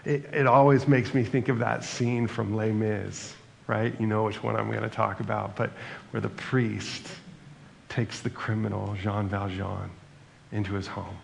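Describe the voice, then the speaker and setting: A man's voice: lowish voice, flat delivery, unhurried, gravelly, a little hiss or hum. A man preaching a sermon in a conversational way, reading scripture passages aloud between his own remarks. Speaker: pastor.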